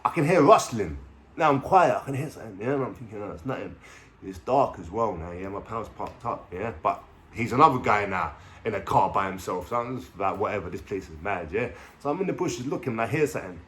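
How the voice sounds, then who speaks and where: A man's voice: on the low side, expressive, a little fast, fairly bright tone, a little hiss or hum. Young London man telling a story. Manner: slangy, swearing, keeps checking in with "yeah?". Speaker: vlogger. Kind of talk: casual storytelling to camera.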